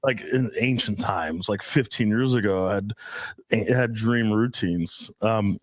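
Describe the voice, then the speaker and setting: A man in his thirties, a dating coach, telling crude stories in casual podcast talk and acting out the dialogue with big swings in pitch. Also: a little slow, no room sound.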